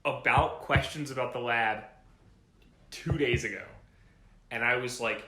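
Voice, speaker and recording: A man's voice: medium pitch, fairly even intonation, measured pace, long pauses, pushed and bright, reverberant. A man co-hosting a podcast in casual chat, rambling through stories and laughing often. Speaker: podcast co-host. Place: home during a power outage.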